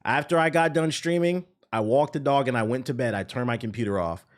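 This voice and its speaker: A man's voice: medium pitch, a little fast. A man reacting to a game trailer as a streamer, talking bluntly, with plenty of swearing. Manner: blunt, profane, excitable. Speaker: streamer and host. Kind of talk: casual reaction commentary.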